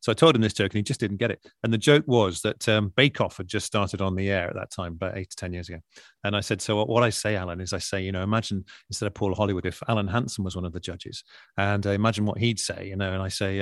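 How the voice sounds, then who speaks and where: A man's voice: fairly low pitch, fast talker, dry recording, clean studio sound. A man from Britain, a guest impressionist, telling anecdotes in a casual chat. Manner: chatty, fond of anecdotes.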